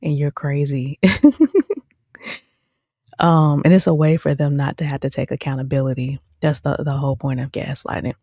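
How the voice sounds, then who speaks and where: A woman's voice: rumbling low, moderate pace, long pauses, breathy edge, no echo, clean studio sound. A woman hosting a show review, chatting casually and animatedly to her viewers. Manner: chatty, addresses viewers directly as "y'all"; animated, with frequent "um" and "okay?". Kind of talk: casual commentary.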